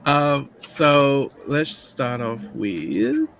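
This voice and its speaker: A man hosting a casual podcast chat, talking in a hushed whisper so he doesn't wake anyone early in the morning. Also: medium pitch, animated, very slow, smooth. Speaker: podcast host.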